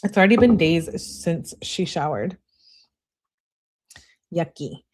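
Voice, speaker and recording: A woman hosts a live stream, commenting casually in a fairly low voice. She keeps up mocking, sarcastic asides throughout. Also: expressive, takes it slowly, darkish tone. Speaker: livestream host.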